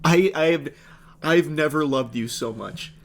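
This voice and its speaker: A man's voice: on the high side, slow pace. Sarcastic man narrating a story. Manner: sarcastic, dry. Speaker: video narrator. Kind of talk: comedic story commentary.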